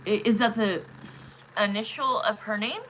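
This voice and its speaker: Chatty excitable woman, bright tone. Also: on the high side, moderate pace, a little hiss or hum, poor audio. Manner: chatty, excitable, talks to viewers directly. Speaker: tarot reader hosting a live stream. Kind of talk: casual live-stream chat.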